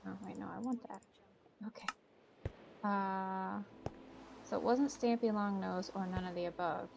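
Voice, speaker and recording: A woman's voice: medium pitch, fairly even intonation, measured pace, vocal fry, lo-fi sound, noisy background. A woman hosting a gaming channel, chatting casually and thinking aloud as she plays, poking fun at her own guesses. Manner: chatty, self-mocking, thinks aloud while playing. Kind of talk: casual gameplay commentary. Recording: game music behind voice.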